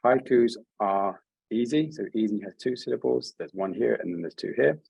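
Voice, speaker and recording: Husky-voiced man leading an online workshop. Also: medium pitch, moderate pace, a little mellow, dry recording, dull audio. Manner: friendly, encouraging, hesitant restarts. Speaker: workshop leader.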